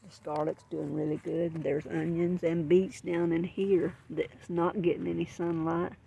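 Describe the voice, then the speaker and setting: A woman's voice: lowish voice, level tone, unhurried, vocal fry, mellow, muffled recording, a little hiss or hum. An older woman with a Southern US accent, talking casually in a folksy, rambling way while filming her backyard garden. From Southern United States. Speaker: garden vlogger.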